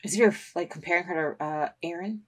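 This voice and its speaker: A woman hosting an anime reaction video, talking back at the screen and bursting into loud, emotional outbursts with cursing. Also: on the low side, a little fast. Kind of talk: reaction commentary.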